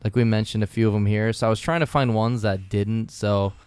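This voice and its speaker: Man, podcast co-host, casual chat, profanity, clear voice, dry close mic. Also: lowish voice, fairly even intonation, brisk, darkish tone, no room sound. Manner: laid-back, swears casually, laughs a lot.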